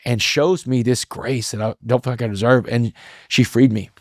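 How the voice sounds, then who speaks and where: A man being interviewed as a podcast guest, telling a personal story in an earnest, reflective way with halting restarts. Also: mid-range voice, steady tone, no echo, studio quality. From Texas.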